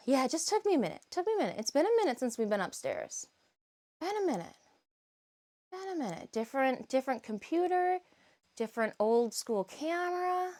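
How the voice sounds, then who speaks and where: A woman's voice: high-pitched, big pitch swings, moderate pace, a little mellow. A woman live streaming, chatting casually, greeting viewers by name and grumbling about her cats.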